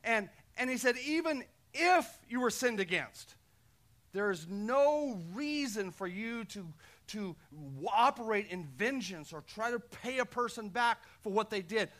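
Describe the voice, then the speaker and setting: A male pastor delivering a sermon with a high, ringing voice. He preaches with passion, punching key lines loudly and then dropping to soft, intimate asides. His tone stays bright and forceful throughout. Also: expressive, a little slow. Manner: impassioned preaching, swinging between loud emphasis and quiet asides.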